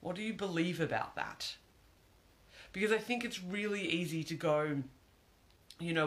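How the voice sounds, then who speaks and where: Bright-voiced earnest man musing aloud. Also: sits high, animated, moderate pace, long pauses. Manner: earnest, emphatic, repeats phrases for effect. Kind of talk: reflective spoken monologue.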